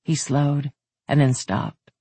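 A narrator reading a romance audiobook in an even, intimate way. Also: mid-range voice, slow pace, slightly rough, no echo.

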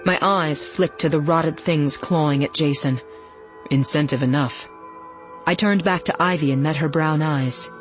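A woman reading a first-person novel aloud in a steady, even storytelling voice. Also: low voice, a little slow, faint music behind. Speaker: audiobook narrator.

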